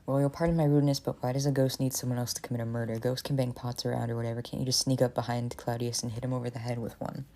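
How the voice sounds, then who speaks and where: A sharp, questioning young heroine who stands her ground, read out by a woman. The voice sits very low with a gravelly edge and a dark, mellow tone. Lines land with pointed emphasis. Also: flat delivery, very fast, few pauses. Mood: polite but pointed.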